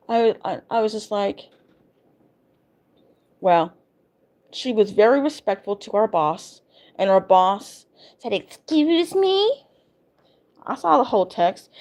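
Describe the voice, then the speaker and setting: A woman's voice: mid-range voice, a little mellow. A woman vlogger venting in a casual, emphatic way, repeating herself as she rants. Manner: emphatic, exasperated ranting with repetitions.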